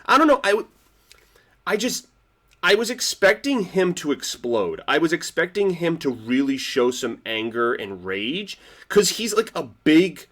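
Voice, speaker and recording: A man giving a casual reaction review of a TV episode, rambling with lots of "like" fillers and restarts, swinging between excited and quiet. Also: a little high, unhurried. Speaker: TV show reviewer.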